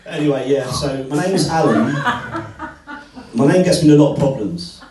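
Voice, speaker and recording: Male stand-up comic, self-deprecating stories, lively crowd, distant mic. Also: mid-range voice, moderate pace. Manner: wry, self-deprecating storytelling with crowd work. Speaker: stand-up comedian. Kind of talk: stand-up comedy set. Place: comedy club. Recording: echoey club, far from mic, crowd.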